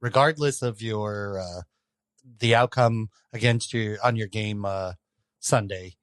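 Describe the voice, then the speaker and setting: A man's voice: fairly low pitch, slow, a bit bright, clear, resonant tone, no echo. A man co-hosting a podcast in casual chat, checking agreement with tag questions. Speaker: podcast co-host.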